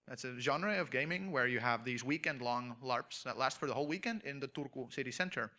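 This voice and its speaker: A man on stage at a convention auditorium, telling a comic anecdote to an audience with animated storytelling, acting out voices and laughing. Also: mid-range voice, brisk. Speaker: convention panel speaker.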